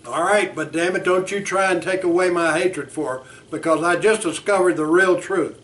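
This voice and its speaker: A man's voice: sits high, moderate pace, far from the mic. A man acting out an enraged young man. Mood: defiant. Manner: insistent, shouting hatred. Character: young male grad student, enraged and defiant.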